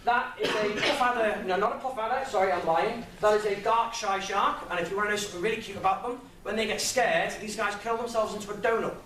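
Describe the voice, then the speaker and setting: Young male speaker, light and high, jokey and chatty; distant mic with faint room noise. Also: fast talker, hardly any pauses, sharp tone, heavy reverb. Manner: chatty, jokey, laughs at own stories. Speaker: guest speaker. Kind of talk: informal public talk. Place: lecture room with audience.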